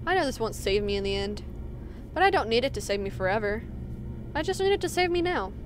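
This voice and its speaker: A woman's voice: a little high, big pitch swings, fast, background noise. A woman reading a weary young cat girl. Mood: brooding. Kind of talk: reading game dialogue aloud.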